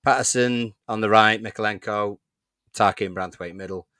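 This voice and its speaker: Low, crisp man, dry sound. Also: normal speed, dry recording. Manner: reading lineups, relaxed, stop-start. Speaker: podcast co-host. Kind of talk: casual fan chat.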